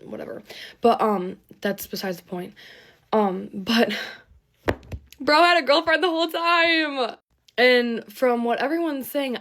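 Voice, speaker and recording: A young woman telling a get-ready-with-me story time, rambling, swearing and venting. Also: mid-range voice. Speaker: TikTok storyteller.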